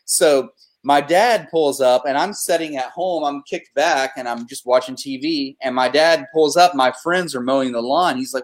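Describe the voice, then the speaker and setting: A man of middle pitch hosts a casual talk show and tells stories at length. He swears freely and stays animated, piling on fillers and restarts as he goes. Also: moderate pace. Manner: profane, animated storyteller. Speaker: podcast host. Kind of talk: casual storytelling chat.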